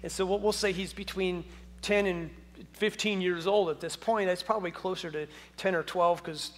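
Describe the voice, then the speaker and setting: A man's voice: high voice, fairly even intonation, moderate pace, long reverb tail, a little hiss or hum. A male pastor giving a sermon in a church, speaking conversationally, asking the audience many questions, and adding touches of humor. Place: church sanctuary.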